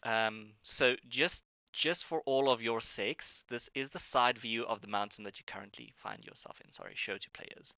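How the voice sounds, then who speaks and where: A man narrating as game master, describing scenes with many pauses and restarts. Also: mid-range voice, vocal fry, pushed and bright, smooth, dry recording, lo-fi sound. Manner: hesitant, with fillers and restarts while describing.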